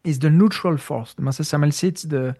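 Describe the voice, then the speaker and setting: A man answering a listener's question in a casual talk, halting and searching for words with many restarts. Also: fairly high pitch, mellow. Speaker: spiritual teacher answering questions. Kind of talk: casual spoken Q&A.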